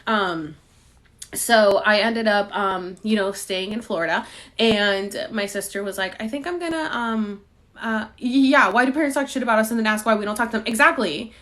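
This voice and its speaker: A woman in her thirties chatting on a live stream, her pitch sitting in an ordinary middle range. She rambles through a personal story, full of fillers and acted-out quotes. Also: normal speed. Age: 30s. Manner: animated, rambling, frequent fillers and quoted dialogue. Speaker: host answering viewer questions.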